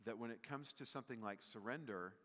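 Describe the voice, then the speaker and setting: A man's voice: medium pitch, fairly quick, fairly bright tone. A man preaching a sermon as pastor, conversational with many fillers, building to emphatic peaks. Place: church sanctuary. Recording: long hall reverb, church sanctuary.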